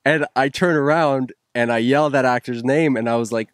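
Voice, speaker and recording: A man's voice: medium pitch, normal speed, no echo, clean studio sound. A man co-hosting a casual chat about filmmaking, telling stories with many fillers and restarts. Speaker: co-host, filmmaker.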